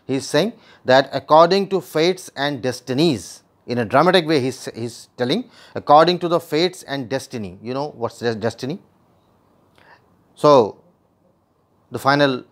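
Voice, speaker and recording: A man's voice: mid-range voice, moderate pace. Man explaining a play line by line. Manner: paraphrases each quoted line in simpler words, with restarts. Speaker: literature teacher.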